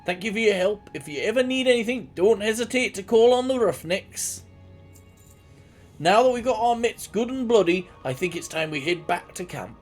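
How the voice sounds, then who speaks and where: A man's voice: high voice, expressive, normal speed, faint music behind, voice pushed up. A man voicing a tough, loyal male mercenary fighter, reading game lines in a rousing tone.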